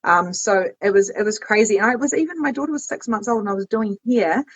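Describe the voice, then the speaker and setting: A woman guest telling personal stories candidly in a podcast conversation, with lively quoted asides. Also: mid-range voice, quick pace, husky. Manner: emotional storytelling, swearing, lively quoted asides. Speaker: guest, business coach.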